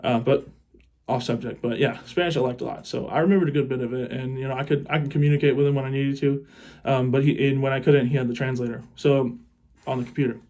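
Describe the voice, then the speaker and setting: A man's voice: medium pitch, fairly even intonation, quick pace, mellow. A young man spins a crude comic anecdote in a casual, rambling way. His swearing is offhand, he laughs along as he goes, and he keeps circling back on his own sentences. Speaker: teacher.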